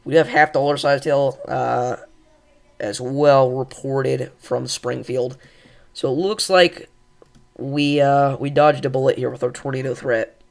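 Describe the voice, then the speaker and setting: A man hosting live severe weather coverage, calmly reassuring viewers and thinking aloud with fillers as he reads radar. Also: mid-range voice, unhurried, gravelly. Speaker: weather livestream host.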